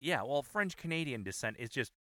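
A man's voice: medium pitch, lively intonation, a little fast, bright, forceful tone, no room sound, studio quality. A man co-hosting a podcast in casual chat, playful and teasing, asking lots of questions. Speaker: podcast co-host.

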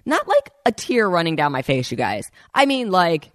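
Her voice sits on the low side with big pitch swings, a normal pace and a fairly bright tone, recorded dry. This podcast host shares a personal story in a chatty way, often speaking directly to her audience as "you guys".

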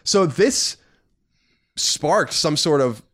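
A man's voice: fairly high pitch, extremely slow. A man co-hosting a gaming podcast, chatting casually and running through news with strong opinions. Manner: animated, opinionated, swears casually. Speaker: podcast co-host. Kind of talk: casual chat and news rundown.

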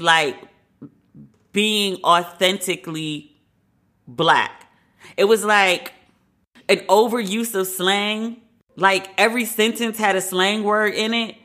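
A woman hosts a podcast, offering casual commentary in a bright, forceful, mid-range voice at a slow pace. She's candid and conversational, with strong opinions and the occasional curse word.

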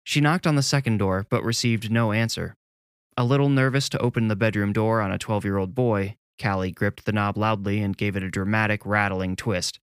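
A man reading a scripted horror story in a measured, deliberate way. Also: on the low side, fairly even intonation, clear, resonant tone, dry recording, studio quality. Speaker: narrator.

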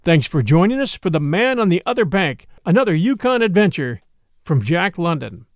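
A man reads an adventure tale aloud, his voice high for a man and gravelly at the edges. He moves his pitch around a lot. The sound is close and dry. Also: sing-song, normal speed, dry recording. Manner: dramatic audiobook reading, voicing each character. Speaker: host and storyteller. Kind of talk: scripted narration.

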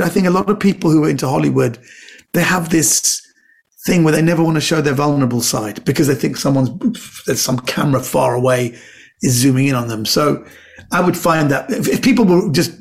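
A man guesting on a podcast, telling animated anecdotes in casual chat and acting out the voices of the people in his stories. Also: fairly high pitch, creaky. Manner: animated storyteller, acts out quoted voices.

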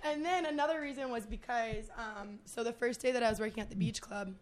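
A young woman with a fairly high voice tells a story as a podcast guest. She talks loosely, drops swear words, laughs as she goes, and fills her sentences with "like". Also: brisk, slight background noise. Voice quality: laughing often, swearing, lots of "like". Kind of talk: casual chat.

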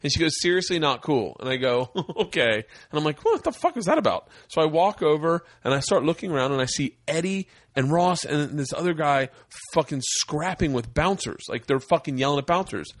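A man's voice: on the high side, brisk, hardly any pauses, dry recording. A young man and stand-up comic telling a wild story in casual, profane chat, acting out the voices. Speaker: podcast guest, stand-up comedian.

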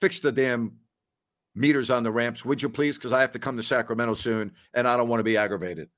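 A man's voice: medium pitch, fairly even intonation, fast, a bit bright. A man in his sixties hosting a sports talk show in a folksy, exclamatory, rambling way. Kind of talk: casual chat.

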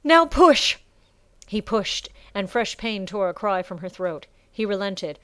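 A woman narrates a dramatic story in a measured, expressive way. Her voice is smooth and resonant, recorded close and dry with no room sound. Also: medium pitch, dry recording. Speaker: audiobook narrator. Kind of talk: scripted narration.

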